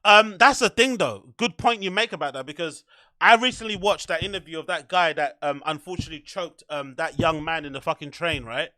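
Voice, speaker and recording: A young man hosting a podcast, chatting casually in a rambling, animated way, full of fillers and swearing. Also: a little high, a little fast, dry recording, clean studio sound. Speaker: podcast host. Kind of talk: casual chat.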